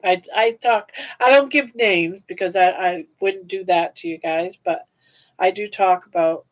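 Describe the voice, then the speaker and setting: A woman's voice: lowish voice, unhurried, rough recording. An older woman hosting her own live stream, chatting casually and reacting aloud to viewer comments. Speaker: livestream host.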